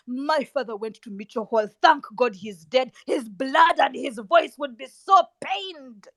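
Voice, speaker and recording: Fiery high-voiced Ugandan woman orator. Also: moderate pace, no room sound, poor audio. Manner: fiery, emphatic, repeats words for force, swings between hushed and loud. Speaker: activist addressing students. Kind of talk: impassioned public speech.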